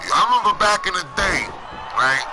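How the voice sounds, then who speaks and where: A man hosting an online show, ranting loudly in street slang, often shouting and swearing heavily. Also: sits high, expressive, moderate pace. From United States. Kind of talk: profane ranting commentary. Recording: noticeable background ambience noise.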